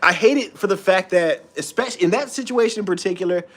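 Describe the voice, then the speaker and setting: A man's voice: sits high, fast, fairly bright tone, a little hiss or hum. Man, casual rant, swears a lot, rambling, stops and restarts. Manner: profane, rambling, restarts often. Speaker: streamer.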